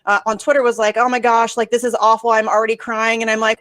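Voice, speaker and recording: A woman with a fairly high voice chats on a video call, animated and quick to swear and laugh. Her sound is dry and close, with no room around it. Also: no room sound. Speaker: show co-host. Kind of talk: casual chat.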